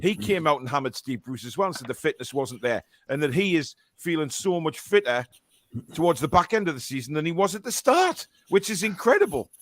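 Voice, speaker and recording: A man's voice: on the high side, big pitch swings, a little fast, no echo. A man with a Geordie accent hosting a live fan show, chatting casually and rambling with plenty of fillers and restarts.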